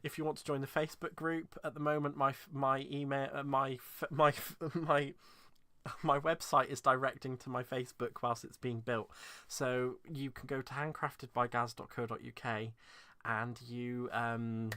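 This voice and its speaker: Wrapping up a craft live stream, a man from England grows emotional and nearly tearful, speaking in a rambling, heartfelt manner and laughing through his restarts. The recording is dry, and his medium-pitched voice sounds smooth, pushed, and bright, with a level tone at a moderate pace.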